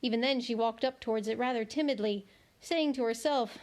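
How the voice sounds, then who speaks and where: A woman reading a children's book aloud from home, telling it with lively expression. Her voice sits fairly high. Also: brisk. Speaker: read-aloud host.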